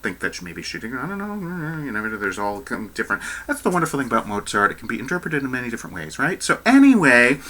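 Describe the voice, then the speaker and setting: A man rambling chattily about an opera recording, often correcting himself and getting animated. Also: medium pitch, fast talker, hardly any pauses. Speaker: opera commentator. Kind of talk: casual spoken commentary on a recording.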